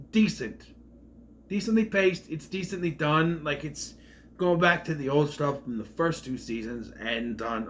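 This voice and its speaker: A man's voice: on the high side, fairly bright tone. A man rambling through an opinionated casual review vlog, often trailing off mid-thought. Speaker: TV series reviewer.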